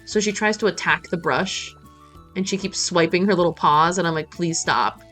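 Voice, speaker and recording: A woman's voice: lowish voice, normal speed, fairly bright tone, faint music behind. A woman streamer chatting playfully while she plays, talking to the game as she goes. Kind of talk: casual gameplay chat.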